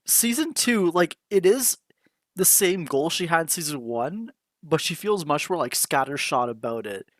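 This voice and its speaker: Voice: medium pitch, lively intonation, moderate pace, dry recording. Hesitant podcast co-host, dry sound. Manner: hesitant, restarts sentences, casual. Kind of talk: casual chat.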